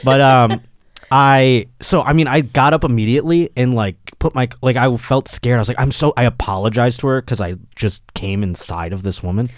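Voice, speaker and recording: A man hosting a podcast, chatting casually and telling rambling, self-deprecating stories full of halting restarts. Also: mid-range voice, no room sound, studio quality. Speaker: podcast host. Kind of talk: casual comedic chat. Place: studio room.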